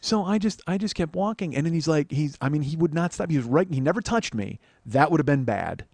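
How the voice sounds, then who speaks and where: A man telling a profane, animated story on a comedy podcast, acting out what other people said. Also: on the high side, brisk, vocal fry, dry recording. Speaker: comedian host.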